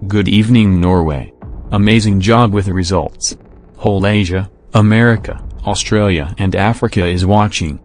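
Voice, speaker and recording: A man's voice: on the low side, moderate pace, a little mellow, soft background music. A man presenting jury votes in a casual, friendly scripted way. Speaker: jury spokesperson.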